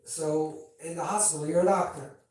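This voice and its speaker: Rabbi teaching in a very echoey room. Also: male voice, a little high, fairly even intonation, moderate pace, darkish tone, distant mic. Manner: conversational, keeps checking in with listeners; playful asides and banter with the audience. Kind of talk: informal teaching talk at a gathering.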